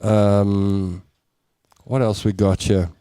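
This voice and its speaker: A man's voice: fairly low pitch, little pitch movement, extremely slow, warm tone, smooth, dry recording. A man hosting a talk show, reading out listener messages and telling stories with frequent laughs. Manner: chatty storyteller, reads out listener messages, laughs often. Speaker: radio show host. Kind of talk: casual talk-show chat.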